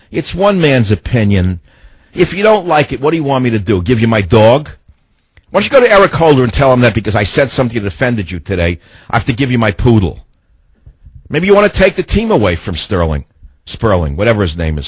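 A man's voice: fairly low pitch, slightly rough, no echo. A man hosting a talk radio show, delivering a rambling, sarcastic and mocking monologue into a studio microphone.

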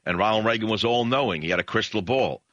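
A man's voice: fairly low pitch, fast talker, a bit bright, no room sound, muffled recording. A man hosting a talk radio show, delivering a combative monologue in bombastic bursts. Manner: bombastic, rising to emphatic peaks.

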